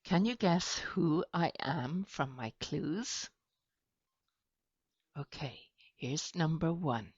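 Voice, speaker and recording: A woman teacher talking slowly and clearly to young children in a sing-song way, with animal noises. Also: low-pitched, expressive, a little mellow, no room sound. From Ireland. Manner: slow, sing-song, with animal sound effects. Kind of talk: slow children's lesson. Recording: dull lo-fi, dry.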